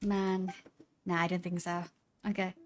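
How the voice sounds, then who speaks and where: A woman's voice: fairly low pitch, level tone, unhurried. A woman streaming a game, chatting casually with frequent giggles and stammering restarts. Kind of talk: casual gameplay commentary.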